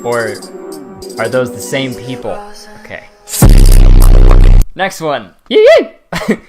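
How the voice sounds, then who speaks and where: A young man in casual comedic roast commentary, rambling and swearing, breaking into laughs and sudden high silly voices. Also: slow, loud music behind the voice. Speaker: commentary host.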